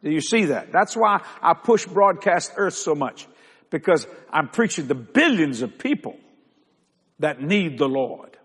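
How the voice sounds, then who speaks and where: An older man with a high voice preaches from the pulpit and climbs into loud, drawn-out emphasis on key words. He calls out to the congregation for answers, and his voice rings with the long reverb of a big hall. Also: big pitch swings, husky. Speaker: pastor. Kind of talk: sermon.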